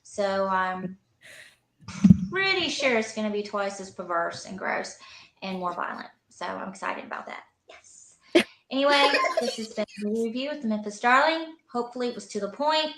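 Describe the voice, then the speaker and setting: A woman rambles through a casual movie review, tossing off dry asides about the cast. Her voice rings in an echoey room, and her pitch sits in the middle of a woman's range. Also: expressive, moderate pace, fairly bright tone, slight background noise. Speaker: movie reviewer in an old video.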